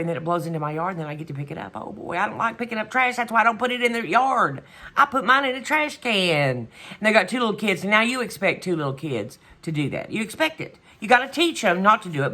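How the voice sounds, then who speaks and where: Bright-voiced woman venting in a casual vlog. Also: on the low side. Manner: chatty and exasperated, trailing off with "whatever". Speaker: vlogger. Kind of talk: casual chat.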